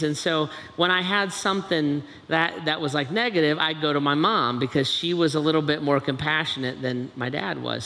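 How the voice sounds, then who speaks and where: A man's voice: on the high side, bright, forceful tone. A middle-aged man from Ohio, telling a personal story in an earnest, conversational way and often adding "right?". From Dayton, Ohio, USA. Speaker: speaker. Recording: echoey large hall, faint ambient noise.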